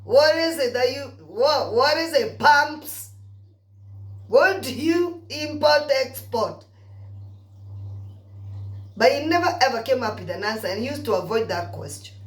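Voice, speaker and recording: Brief: high-pitched woman vlogger, gossipy storyteller, roomy echo. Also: a little slow, pauses often. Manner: animated gossipy storytelling with asides to viewers. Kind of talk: chatty storytelling rant.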